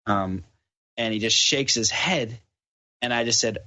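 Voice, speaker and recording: A man's voice: medium pitch, measured pace. A man from Canada, a podcast guest, casually telling a story and acting out the dialogue. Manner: animated storyteller who acts out the dialogue. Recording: dull lo-fi podcast audio.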